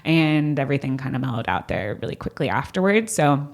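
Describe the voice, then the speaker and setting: Low-voiced woman telling a lively story. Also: a little fast. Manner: animated, laughs often, acts out quotes. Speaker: podcast guest, doula. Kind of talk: casual conversational storytelling.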